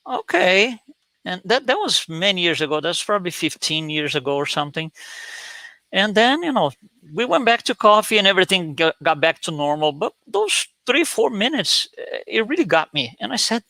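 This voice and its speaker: A man's voice: high voice, sing-song, moderate pace, gravelly, sharp tone, dry recording. A man giving a talk with slides, telling a story with many fillers and restarts. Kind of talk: lecture with slides.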